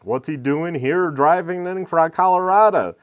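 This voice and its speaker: A slightly high male voice at a measured pace recounts a road crash straight to camera, the recording missing its high frequencies. The vlogger rambles casually, restarting sentences, repeating himself and slipping in wry comments.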